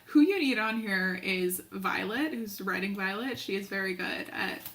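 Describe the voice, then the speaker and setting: Woman, young adult, live-stream guest, anecdotal, laughs easily, medium pitch. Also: normal speed, fairly bright tone, a little hiss or hum. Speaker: guest co-host. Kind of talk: casual chat on a live stream.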